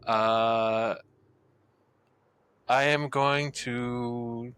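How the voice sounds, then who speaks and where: A man with a bright, clear, smooth voice plays a two-person tabletop game, tossing out story ideas and joking as he improvises. His pitch sits in the middle range. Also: steady tone, drawn-out words, dry recording. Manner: playful, improvises story ideas, jokey questions. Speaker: player. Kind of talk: casual tabletop game play.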